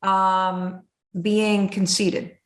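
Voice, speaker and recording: A woman podcast host speaking candidly, an animated storyteller who acts out her own inner voice. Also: medium pitch, drawn-out words, reverberant. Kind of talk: candid conversation.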